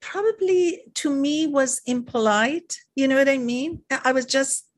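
Brief: high-pitched woman, Persian native speaker, thoughtful and rambling, filler-heavy casual talk. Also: a little slow. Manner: reflective, rambling, many "you know" fillers. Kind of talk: casual chat.

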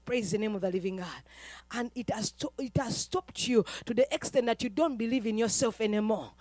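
A woman preacher from Uganda, giving a fervent sermon that swings between quiet talk and shouting. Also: on the high side, brisk, no echo.

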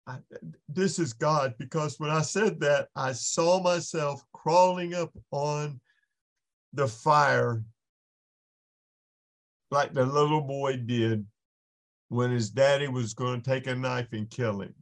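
A man's voice: mid-range voice, slow, long pauses. A man, a podcast guest, giving an impassioned faith testimony in an earnest storytelling manner with frequent restarts.

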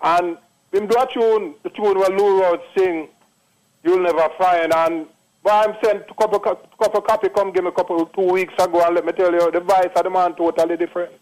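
A man's voice: sits high, steady tone, brisk, a little mellow, low-quality recording. A man in his late sixties with a Jamaican accent, calling into a radio show and telling a long testimonial in an emphatic, repetitive patois manner. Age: 60s. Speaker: caller. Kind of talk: phone-in testimonial.

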